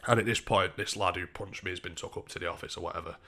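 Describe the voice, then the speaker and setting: A man's voice: low-pitched, fast, gravelly. A young man on a home live stream, telling a rambling, sweary story with lots of restarts. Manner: sweary, rambling, restarts a lot, animated when quoting. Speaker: livestreamer. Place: home kitchen.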